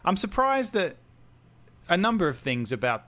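A man co-hosting a casual podcast chat. His voice sits slightly high, and he hesitates, restarting his sentences as he goes. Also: very animated, normal speed, sharp tone. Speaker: podcast co-host.

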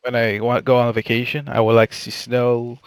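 A man with a smooth, clear voice chats calmly on a podcast. His delivery is agreeable and relaxed, recorded dry and close. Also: mid-range voice, brisk, no echo. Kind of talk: casual chat.

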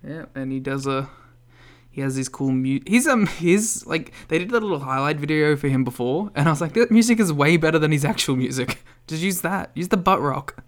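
A man's voice: a little high, animated, a little fast. A man co-hosting a casual wrestling podcast, dry and wry with joking asides. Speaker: podcast co-host.

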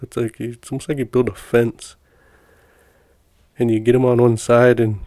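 A man's voice: medium pitch, level tone, normal speed, dark tone, no room sound, studio quality. A middle-aged man from Montana telling personal stories in a rambling, folksy way, with many fillers and restarts. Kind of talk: casual storytelling.

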